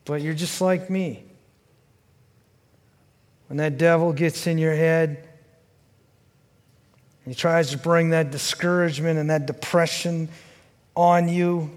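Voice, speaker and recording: High-voiced, slow-preaching pastor. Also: male voice, steady tone, big-room sound. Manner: earnest and questioning, rising to fervent pleading then dropping low. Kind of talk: sermon.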